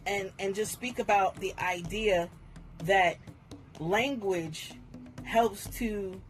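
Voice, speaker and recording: A woman's voice: mid-range voice, slow pace, faint music behind. A woman co-hosting a podcast, talking in a passionate, rambling way with many repeated words. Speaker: podcast co-host. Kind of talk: casual chat.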